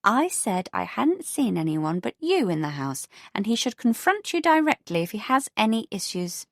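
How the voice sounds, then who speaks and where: A woman's voice: medium pitch, very animated, moderate pace, dry recording, clean studio sound, pitched above the performer's own voice. A woman putting on a prim, fussy old neighbour lady. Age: older. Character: prim elderly woman neighbour, gossipy and proud.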